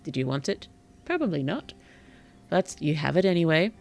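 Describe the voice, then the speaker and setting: A streamer giving relaxed gameplay commentary in a gentle, whimsical, polite way, with puns and soft whispered asides. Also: medium pitch, normal speed, creaky, a little hiss or hum. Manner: drops into soft whispers at times. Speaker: VTuber streamer and author.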